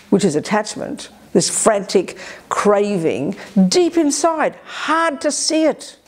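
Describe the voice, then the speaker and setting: A woman teaching at a Buddhist retreat. She talks in a sharp, energetic, emphatic way and often breaks off to restart her sentences. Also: fairly high pitch. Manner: quick restarts and self-corrections. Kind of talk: retreat dharma talk. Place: retreat center.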